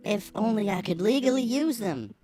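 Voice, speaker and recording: A woman's voice: medium pitch, very animated, moderate pace, over music. A woman co-hosting a podcast, playfully making up rhymes in casual chat.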